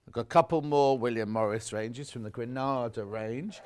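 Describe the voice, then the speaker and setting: A man's voice: mid-range voice, normal speed. A man presenting fabrics on a live shopping channel, chatty and gushing, stopping often to correct himself. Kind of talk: live TV sales pitch.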